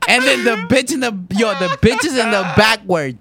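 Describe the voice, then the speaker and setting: A man, telling a profane, animated story to friends and acting out the voices. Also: very high voice, moderate pace, background noise. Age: 20s. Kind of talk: casual chat.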